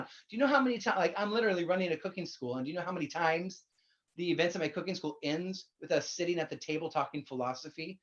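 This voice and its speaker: Blunt, chatty minister preaching; plain middle pitch, muffled low-fi recording. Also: expressive, quick pace, fairly bright tone. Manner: candid, blunt, swears casually; conversational, addresses listeners directly. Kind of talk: sermon.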